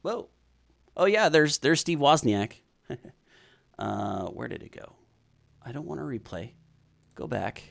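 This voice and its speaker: A man hosting a casual live stream, chatting and reading viewer comments aloud as he thinks out loud. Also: medium pitch, sing-song, slow pace, creaky, pauses often.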